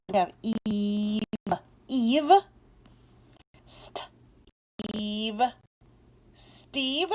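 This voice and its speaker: A woman teaching a phonics lesson to young children, sounding out letters clearly and encouraging them. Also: medium pitch, darkish tone, rough recording. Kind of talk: early-reading phonics lesson.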